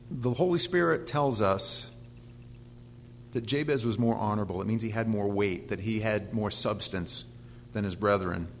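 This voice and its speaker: A man's voice: mid-range voice, gravelly. A middle-aged man preaching a verse-by-verse sermon. He reads long lists of names and breaks in with folksy, joking asides. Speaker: pastor. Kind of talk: expository sermon. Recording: long hall reverb with faint hum.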